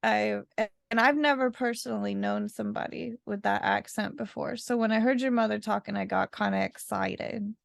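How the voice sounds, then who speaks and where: A woman's voice: medium pitch, fairly even intonation, normal speed, gravelly, few pauses, dry recording, clean studio sound. A woman co-hosting a podcast who chats casually and eagerly, with plenty of fillers. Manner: chatty, enthusiastic, with frequent fillers. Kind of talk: casual chat.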